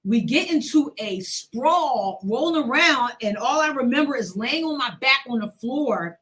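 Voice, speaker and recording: A woman's voice: high-pitched, expressive, measured pace, fairly bright tone. Woman telling a personal story. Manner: emotional, acts out quoted voices. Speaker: host.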